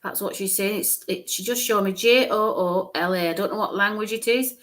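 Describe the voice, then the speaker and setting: A woman's voice: mid-range voice, fairly quick. A woman medium giving a live-streamed psychic reading, musing aloud, hesitant, repeating sounds and letters.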